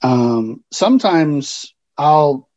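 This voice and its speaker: A man with a mellow, slightly raised voice speaks as a counselor in a podcast interview. He explains things in a calm, measured way. The sound is a bit dull and lo-fi. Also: on the high side.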